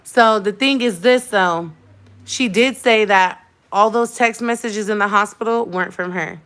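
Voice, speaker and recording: A woman's voice: mid-range voice, measured pace, a bit bright. A young adult woman vlogger in a casual livestream chat, telling a heated story with emphatic repetition.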